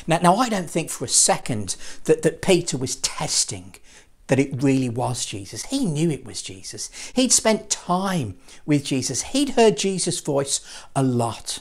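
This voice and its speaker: A man's voice: medium pitch, very animated, measured pace. A man and children's puppeteer telling a Bible story in a playful, dramatic way. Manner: playful, dramatic, with lots of vocal swings.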